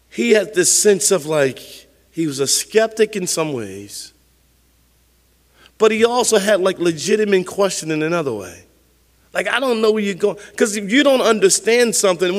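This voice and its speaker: A man preaching a sermon with a high voice for a man. He speaks emphatically but conversationally, circling back and repeating words. His voice rings out with a long reverb, as in a large hall. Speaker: pastor.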